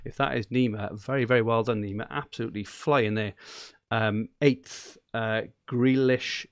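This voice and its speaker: A chatty man co-hosts a casual podcast, running through standings with plenty of fillers. His voice sits at an ordinary pitch. The sound is dry and close, with no room echo. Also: steady tone, moderate pace. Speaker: podcast co-host.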